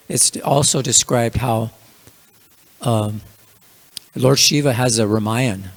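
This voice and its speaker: Gravelly man giving a casual scripture class. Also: mid-range voice. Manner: casual, filler-heavy storytelling. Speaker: religious class speaker.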